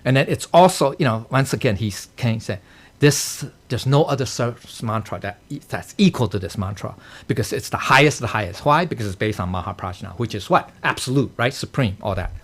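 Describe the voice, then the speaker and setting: A dharma teacher with a mid-range voice teaches a temple class on a sutra at a brisk pace, explaining it term by term. He tacks "okay?" or "right?" onto nearly every phrase and chuckles at his own jokes.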